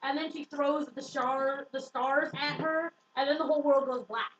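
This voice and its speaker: Young woman, high voice, tons of "like" and swearing, echoey room, far-off mic, dull sound. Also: steady tone, normal speed, fairly bright tone, a little hiss or hum. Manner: swears freely, lots of "like", acts out quotes. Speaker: book reviewer. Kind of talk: casual book recap.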